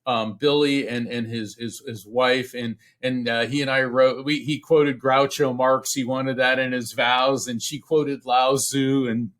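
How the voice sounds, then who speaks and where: A middle-aged man from Central Florida, a podcast guest telling a personal story in an earnest, halting way, with restarts, acting out the voices he quotes. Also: mid-range voice, little pitch movement, a bit bright. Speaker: podcast guest, psychic medium. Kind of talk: storytelling in a casual interview.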